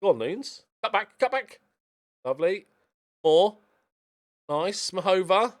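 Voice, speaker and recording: A man talking through a football management game in relaxed let's-play style, cheering plays and chatting to viewers between matches. His voice sits a little high for a man and swings widely in pitch. He talks close to a desk microphone. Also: takes it slowly, long pauses. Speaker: video game streamer.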